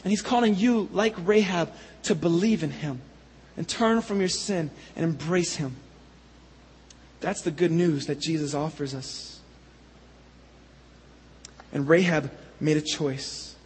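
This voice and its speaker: A man's voice: on the high side, takes it slowly, long pauses, darkish tone, a little hiss or hum. A man preaching a sermon as pastor, earnest and building to fervent appeals to the congregation. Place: church sanctuary. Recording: echoey hall with long reverb.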